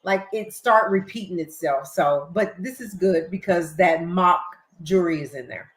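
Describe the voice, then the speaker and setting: An older woman with a Southern US accent, hosting a casual late-night live-stream chat, excitable and quick to laugh. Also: lowish voice, echoey room, rough recording. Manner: chatty, excitable, laughs easily. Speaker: livestream host.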